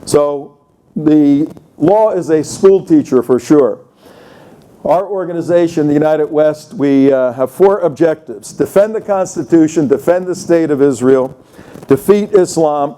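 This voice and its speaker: An older man with a slightly high, warm voice gives a conversational talk in a conference room. He tells anecdotes and voices the quotes of the people in them as he goes.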